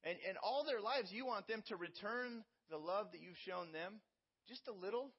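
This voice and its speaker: A man with a fairly high voice preaches a sermon as pastor. He explains scripture earnestly and leans on everyday stories to teach. The recording is slightly muffled and lo-fi. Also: moderate pace, breathy edge. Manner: earnest teaching with personal illustrations.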